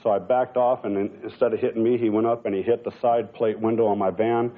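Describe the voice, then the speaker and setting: A man's voice: lowish voice, level tone, fast talker. A man testifying as plaintiff, rambling and retelling every exchange with "I go, he goes". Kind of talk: courtroom testimony. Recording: tinny lo-fi broadcast audio.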